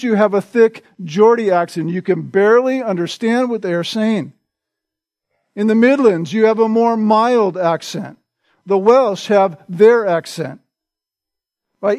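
A man preaching an expository sermon in a conversational way, often checking in with his listeners with a quick "right?". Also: high-pitched, a little mellow, no echo, clean studio sound. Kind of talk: sermon, expository Bible teaching.

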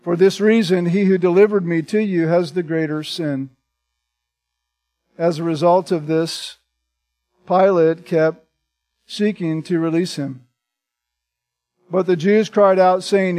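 A man's voice: high-pitched, steady tone, measured pace, darkish tone. A man preaching as a pastor, reading scripture aloud and then explaining it in plain words. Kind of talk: expository sermon.

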